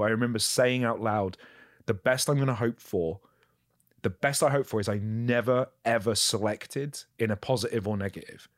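An actor, medium-pitched, talks candidly about his work in a casual chat, swearing freely and poking fun at himself as he tells stories. The recording is dry, with clean studio sound.

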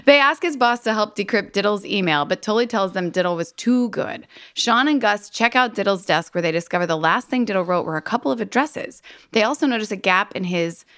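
A woman's voice: medium pitch, animated, fairly quick, a bit bright. A woman co-hosting a podcast, recapping a TV episode in casual chat and laughing often. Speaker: podcast co-host.

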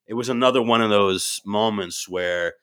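A man, an improv performer and actor, telling animated stories in a casual chat and acting out the voices in them. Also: lowish voice, normal speed, clean tone. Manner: animated, acts out voices in his anecdotes.

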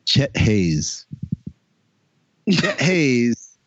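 A man's voice: mid-range voice, sing-song, very slow, muffled recording, background noise. A man hosting a casual podcast, telling stories and reading jokes aloud. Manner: storytelling, reads jokes aloud with laughs. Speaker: podcast host.

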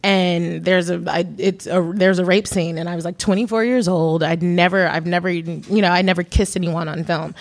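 A woman in her thirties, a film director being interviewed, telling stories in a rambling, animated way with frequent laughter. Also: fairly low pitch, a little fast, few pauses. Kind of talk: casual interview chat.

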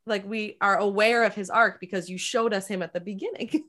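A woman co-hosting a podcast in casual chat, chatty and quick to agree, with lots of fillers. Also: mid-range voice, steady tone, a bit bright. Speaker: podcast co-host.

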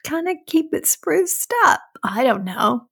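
A woman co-hosting a podcast, chatting in a supportive, gently teasing way. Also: high voice, big pitch swings, a little slow, gravelly, husky. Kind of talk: casual conversational podcast chat.

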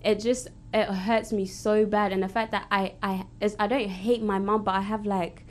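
A woman, a podcast guest in casual chat, talking haltingly with lots of fillers in an even tone. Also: mid-range voice. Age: 20s.

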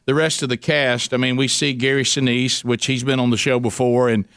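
Male talk radio host, short replies, asking questions, dry studio sound, mid pitch. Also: flat delivery, brisk, vocal fry, fairly bright tone, clear, resonant tone, no room sound. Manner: brief affirmations, friendly questions. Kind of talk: casual radio interview.

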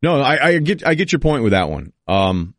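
A man hosting a podcast, giving an opinionated, rapid-fire rundown of basketball teams in casual sports talk. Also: mid-range voice, big pitch swings, no room sound, clean studio sound. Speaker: podcast host.

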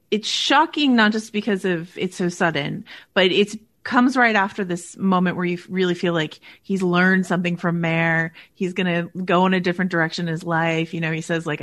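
A woman hosting a podcast interview, asking long questions in a relaxed, conversational way. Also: lowish voice. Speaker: podcast host.

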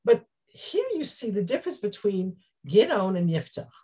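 A woman teaching a Bible class, explaining the text with Hebrew terms and acting out the quoted speech with lively energy. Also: medium pitch, normal speed, slightly rough. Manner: animated, acts out quoted speech.

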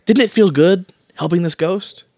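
A man co-hosting a comedy podcast, improvising quick reactive quips. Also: sits high, mellow, no echo, clean studio sound. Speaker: podcast co-host.

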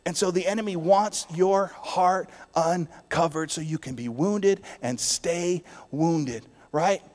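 A male pastor delivering a sermon in a lifted, fairly high voice, rising to loud declarations and then dropping to quiet, intimate lines. His voice carries a long reverb from a large church hall. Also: slow. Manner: preaching with strong swings between loud and soft.

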